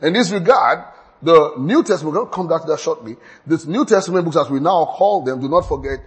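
A man's voice: on the high side, animated, fast talker. Man teaching Scripture with emphatic repeats. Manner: repeats key points, stammers and restarts, laughs at own slips. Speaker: Bible teacher. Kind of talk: teaching sermon.

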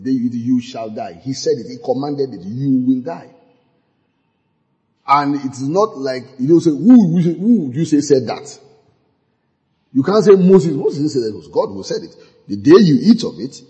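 A man preaching and teaching from the Bible, quoting scripture, with frequent laughter in his delivery. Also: medium pitch. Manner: lively, laughing often, quotes scripture. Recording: long hall reverb.

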